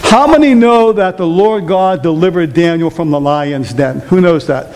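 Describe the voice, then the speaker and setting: High-voiced preacher in an echoing church. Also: male voice, moderate pace, a little mellow. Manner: rising, emphatic preaching with call-and-response questions. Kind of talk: sermon. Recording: long reverb of a church hall.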